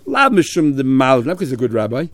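A man teaching a Talmud class, quickly translating Aramaic phrase by phrase. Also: medium pitch, big pitch swings, no echo.

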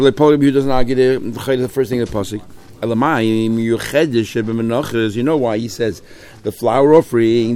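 Man teaching a Talmud class. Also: mid-range voice. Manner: lively, mixes Hebrew-Aramaic terms into English, rhetorical questions.

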